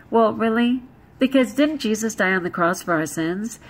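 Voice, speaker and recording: Animated woman vlogger, blunt and jokey, somewhat high voice. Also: normal speed, poor audio. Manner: animated, blunt and joking, with laughs. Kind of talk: casual vlog talk.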